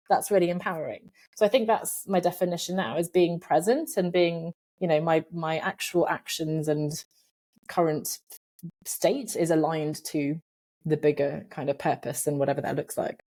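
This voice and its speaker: A middle-aged woman being interviewed from her home office, talking in a lively, animated way, laughing often and acting out voices in her head. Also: on the low side, moderate pace. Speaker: podcast guest, career coach. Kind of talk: casual conversational interview.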